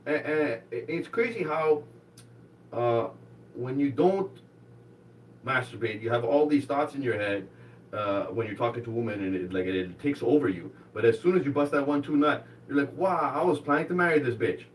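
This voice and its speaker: A man doing a live stand-up comedy set on a club stage, rambling and halting, then rising to excited shouts in his stories. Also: medium pitch, recorded from a distance, a little hiss or hum, low-quality recording.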